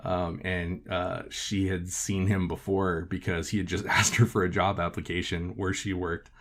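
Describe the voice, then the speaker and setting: Casual male podcast host, lower pitch, loose and profane, lots of filler words. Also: little pitch movement, normal speed, fairly bright tone. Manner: profane, filler-heavy with frequent "like". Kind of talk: casual storytelling.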